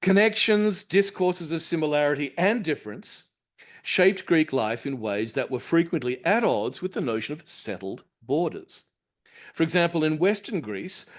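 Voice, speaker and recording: Measured male academic lecturer. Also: a little high. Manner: measured, articulate, explanatory. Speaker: university lecturer. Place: lecture room.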